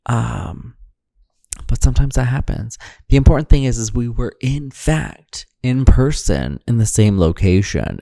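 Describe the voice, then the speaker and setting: A man hosting a podcast, talking solo in a groggy, deadpan, rambling way in the early morning. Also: mid-range voice, normal speed, creaky, no echo, clean studio sound. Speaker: podcast host. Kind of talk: solo intro monologue.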